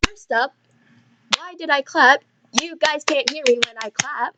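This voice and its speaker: A teenage girl hosting a student radio show, reading slowly and tripping over the words, with self-mocking asides. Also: high voice, heavy background noise. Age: teens. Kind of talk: reading a script in mock Shakespearean English, with bloopers.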